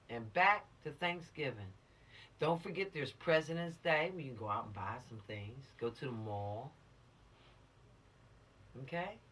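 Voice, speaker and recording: Woman instructor, emphatic and showy, bright forceful voice, lively pitch swings, teaching teens. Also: breathy edge, far from the mic. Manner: emphatic, lecturing and exhortative. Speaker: teen law-literacy instructor. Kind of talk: direct-to-camera lesson addressing teens.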